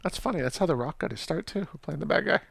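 A man's voice: on the high side, expressive, fast talker, gravelly, fairly bright tone, breathy edge, no echo. A man chatting casually, dropping short wry comments. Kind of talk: casual chat.

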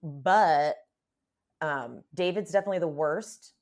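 A woman hosting a podcast in casual chat, expressive, with many agreeing murmurs. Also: sits low, a little slow. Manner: expressive, lots of agreeing murmurs, reads news reports aloud.

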